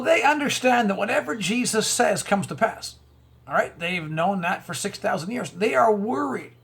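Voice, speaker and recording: A gravelly, high-voiced man with a somewhat bright tone rambles through conspiracy and religious commentary as the host of an online video. He stumbles and repeats words, poses rhetorical questions, and chuckles along the way.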